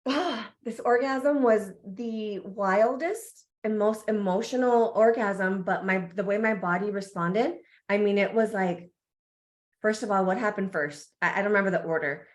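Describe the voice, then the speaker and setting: Brief: lively woman guest, mid-pitched, candid storyteller, quick to laugh. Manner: animated, laughs often, acts out reactions. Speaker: podcast guest, embodiment coach.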